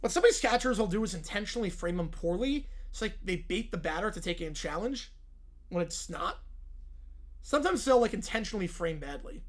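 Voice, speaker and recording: A man's voice: high-pitched, expressive, a little fast. Laid-back male streamer chatting. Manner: laid-back, laughing, mumbled asides. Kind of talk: casual live-stream reaction chat.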